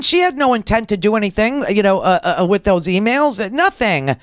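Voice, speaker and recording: A woman's voice: mid-range voice, very animated, a little fast, few pauses, no room sound, clean studio sound. A middle-aged woman hosting a political talk radio show, ranting in a blunt, sarcastic and crude way.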